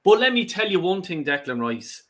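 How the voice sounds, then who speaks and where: Indignant man, bright voice. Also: sits high, sing-song, moderate pace. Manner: indignant, profane, stumbling restarts. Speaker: fan channel co-host. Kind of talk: heated casual fan talk.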